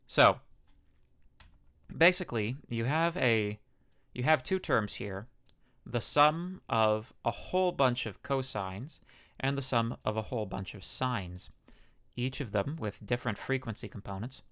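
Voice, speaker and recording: An animated man with a mid-range, slightly bright voice speaks a little slowly as he teaches a university class over a microphone. He's informal, full of fillers and self-corrections, and cracks jokes about how smooth and radio-like he sounds.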